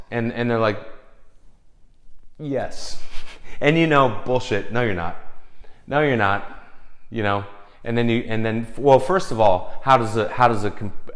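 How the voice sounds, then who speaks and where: A man in casual monologue, telling studio stories with a slightly low voice. He rambles, restarts, swears freely and slips into little voices for the people he quotes. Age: young adult or older, past twenties. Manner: rambling, profane, acts out quotes. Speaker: film composer.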